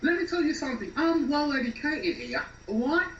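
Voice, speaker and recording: An actor in a radio drama playing a defensive, jobless English boyfriend who talks in a whiny, rambling way with an English accent. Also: male voice, very animated, a little fast, fairly bright tone, a little hiss or hum, full character voice. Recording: echoey, distant, dull low-fi.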